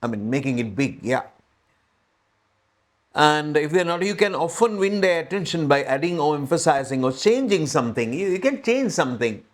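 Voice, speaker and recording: A man's voice: on the high side, animated, normal speed. Patient Sri Lankan man teaching English. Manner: patient, repeats phrases and checks understanding. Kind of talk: spoken English lesson.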